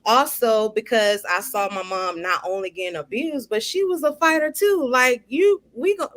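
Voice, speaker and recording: A woman, sharing her own experience in an animated, casual conversation, often laughing and using "like" a lot. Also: medium pitch, normal speed. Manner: animated, laughing, heavy "like" filler. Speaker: guest sharing her story.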